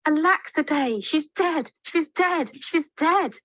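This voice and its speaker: A man's voice: extremely high pitch, takes it slowly, bright, forceful tone, dry recording, voice pushed up, heavily acted. A man voicing a frantic noble mother who cries out in grief in a play reading. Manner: crying out in alarm.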